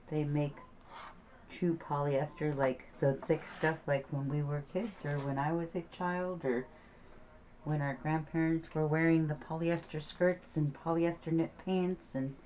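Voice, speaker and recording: A middle-aged woman chats her way through a sewing project, humming and murmuring to herself as she goes. Her voice sits low and mellow, and she takes her time. A faint noise hangs in the background. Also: rough recording. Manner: chatty, hums and sings to herself while working. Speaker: quilting vlogger. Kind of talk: casual crafting talk while sewing.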